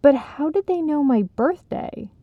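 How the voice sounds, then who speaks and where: A woman's voice: high voice, sing-song, unhurried, no room sound, pitched above the performer's own voice, full character voice. A woman voicing a caring but pointed young woman in a storybook reading. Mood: reproachful. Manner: pointed, reproachful. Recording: slightly dull, dry recording.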